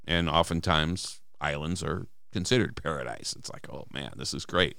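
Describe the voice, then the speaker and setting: Deep, bright-voiced man in dry close sound. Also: moderate pace, vocal fry, hardly any pauses, clear, resonant tone, no room sound. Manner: animated, emphatic, quotes lines in voices. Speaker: podcast co-host. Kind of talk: casual analytical chat.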